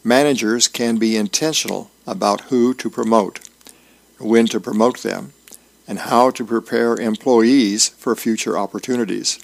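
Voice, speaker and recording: A man reading news articles aloud in a steady read-aloud delivery, marking quotations by saying "quote" and "unquote". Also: fairly low pitch, measured pace, gravelly. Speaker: article reader.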